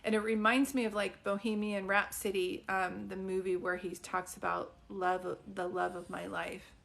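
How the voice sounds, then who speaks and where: A woman's voice: medium pitch, level tone, normal speed, creaky, fairly bright tone. A middle-aged woman, a psychic medium, giving a chatty live-stream reading, full of fillers, questions and laughs.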